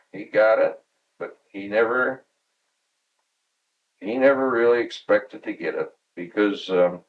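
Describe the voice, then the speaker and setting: Sitting at home for an oral history interview, a Michigan man in his sixties tells stories from work, chuckling and performing the quoted dialogue. His voice is on the low side, recorded far from the mic with dull audio.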